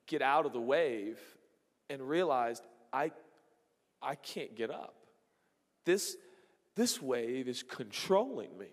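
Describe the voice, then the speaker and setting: Speaking in a large hall, a male pastor uses his mid-range voice to narrate a story in his sermon, full of dramatized outbursts and brief asides to the congregation.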